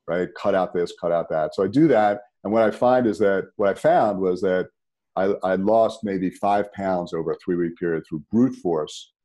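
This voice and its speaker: A man, a podcast guest telling a personal story in a conversational, animated way. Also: deep voice. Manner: animated, rises sharply when emphatic.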